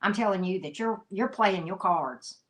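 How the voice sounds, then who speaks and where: A woman's voice: medium pitch, moderate pace. Emphatic, folksy woman tarot reader. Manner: emphatic, folksy and chatty, with frequent "mm-hmm" asides. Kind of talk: live-stream tarot reading.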